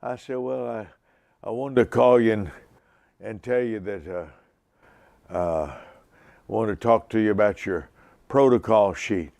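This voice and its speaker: A man in his seventies delivering a sermon, preaching with deliberate, repetitive emphasis and personal stories. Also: on the low side, creaky, a little mellow, dry recording. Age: 70s. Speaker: televangelist preacher.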